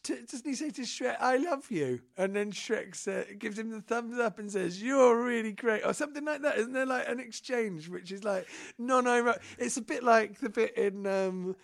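A man co-hosting a podcast, telling rambling, excitable stories in casual chat and laughing as he goes. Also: high voice, normal speed, vocal fry, few pauses. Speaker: podcast co-host.

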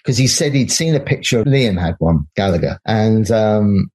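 A middle-aged man speaks as a guest in a relaxed interview, his voice a little husky and sitting low. He tells long stories, slipping into the voices of the people in them, and laughs easily as he goes. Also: moderate pace. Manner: chatty storyteller who acts out quoted voices and laughs often. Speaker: graphic designer and film producer, guest. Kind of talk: casual anecdote-telling interview.

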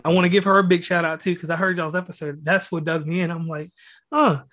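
Slightly high-voiced rambling podcast host. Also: male voice, flat delivery, fast talker, a bit bright. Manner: rambling, praising, slangy, many fillers. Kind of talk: casual interview talk.

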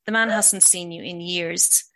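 Lady doing an earnest young husband, calm and reasoning, slight fry. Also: fairly low pitch, a little slow. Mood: reproving. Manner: reasoning, conciliatory.

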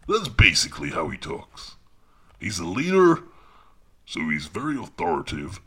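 This deadpan comic monologue comes from a man whose voice sits low, with a breathy edge and moderate pace. Playing an audiobook narrator, he's awkward and defensive and keeps dropping into whispered asides.

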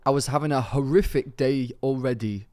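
A man's voice: mid-range voice, normal speed, darkish tone, dry recording, studio quality, close to an everyday voice. A brash young London roadman, all slang and casual swearing, reads out a listener's letter, as a man puts on the accent. The voice sits in an ordinary middle register. It sounds like a podcast host hamming it up. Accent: attempted London roadman.

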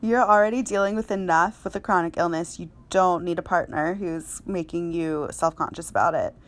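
A young woman hosts a casual podcast chat. Her voice sits a little low, and she tells her stories in a lively, chatty way with frequent laughter. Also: normal speed. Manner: chatty, laughs often, animated storytelling. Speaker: podcast host.

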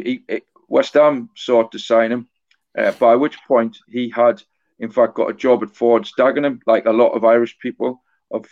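A middle-aged man speaks as an author and guest on a casual podcast, recalling stories in a halting, anecdotal way. His voice sits low and keeps a flat, even tone with little rise or fall. The audio is slightly dull and lo-fi. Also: gravelly.

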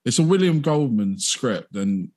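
A man's voice: medium pitch, big pitch swings, unhurried, darkish tone. A man co-hosting a film podcast, laid-back and chatty, swearing casually. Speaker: podcast co-host. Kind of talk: casual chat.

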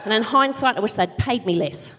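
A middle-aged woman doing live stand-up comedy, ranting in exasperation with sudden shouted outbursts. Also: on the high side, expressive, a little fast, a little hiss or hum. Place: large theatre stage. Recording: live theatre with long reverb.

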